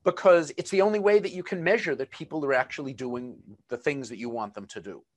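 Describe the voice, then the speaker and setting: A man's voice: medium pitch, quick pace. A man with a Boston accent presenting a live webinar on management, chatty and full of fillers and asides. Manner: conversational, many fillers and asides.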